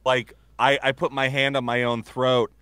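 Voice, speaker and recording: A man's voice: mid-range voice, level tone, moderate pace, noisy background. A man who works as a voice actor telling stories in casual chat, rambling with many fillers and restarts. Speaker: voice actor guest.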